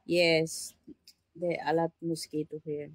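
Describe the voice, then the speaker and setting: A woman's voice: low-pitched, little pitch movement, measured pace, slightly rough, no echo, rough recording. A woman with a Filipino accent vlogging casually in broken English, emotional and plaintive, worn down by the heat. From Philippines. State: overheated from the heat. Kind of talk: casual vlog chat. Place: simple rural home in the tropics.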